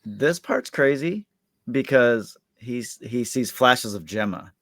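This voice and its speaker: A man's voice: medium pitch, animated, slow, a bit bright, no echo, clean studio sound. A man co-hosting a podcast, recapping an episode in a rambling, casual way full of filler words. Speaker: podcast co-host.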